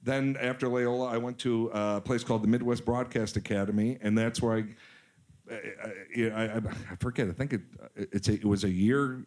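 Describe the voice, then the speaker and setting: A man's voice: medium pitch, fairly even intonation, a little fast, a little mellow. Joking man telling stories. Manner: joking, self-mocking storyteller. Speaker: podcast guest, actor. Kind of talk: casual chat.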